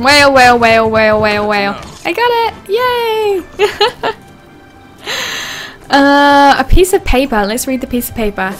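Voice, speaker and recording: High-pitched woman chatting through a game stream, giggly, bit of music underneath. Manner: chatty, giggly, reads game dialogue aloud. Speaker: livestream host. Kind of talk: casual gameplay livestream.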